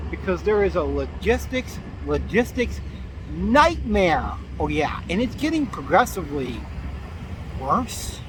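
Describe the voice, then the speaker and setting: A man's voice: sits high, noisy background. A man vlogging outdoors in town, grumbling and sarcastic as he rants about local problems. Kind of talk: casual outdoor vlog rant. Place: outdoors in a town, near traffic.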